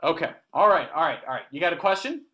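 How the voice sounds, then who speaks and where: A man's voice: on the high side, sing-song, quick pace, pushed and bright, muffled recording. A man co-hosting a casual podcast, trading teasing jokes with his partner. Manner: joking, teasing banter. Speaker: podcast co-host. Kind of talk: casual chat.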